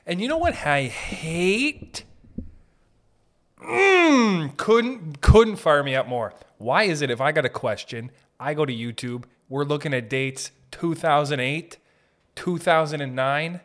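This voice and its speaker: A man's voice: on the high side, animated, a little slow, fairly bright tone. A man with a Boston accent hosting a podcast, delivering a crude, swearing, unscripted comedic rant. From Boston area. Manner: crude, ranting, lots of swearing and laughing asides. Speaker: podcast host. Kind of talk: unscripted profane comedic monologue.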